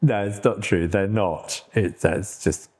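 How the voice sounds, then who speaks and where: A man's voice: on the low side, slow pace, a little mellow. A middle-aged British man co-hosting a podcast, talking casually with lots of fillers and restarts. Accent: British English. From Britain. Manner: rambling, many fillers and restarts. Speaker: podcast co-host. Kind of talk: casual chat.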